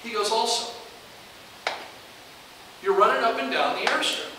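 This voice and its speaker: An older man, an alumnus, telling an animated anecdote at a reunion and acting out the dialogue. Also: very high voice, a little slow. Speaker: alumnus speaker. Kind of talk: storytelling speech. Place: large room at a reunion event. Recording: echoey hall, distant mic, hiss.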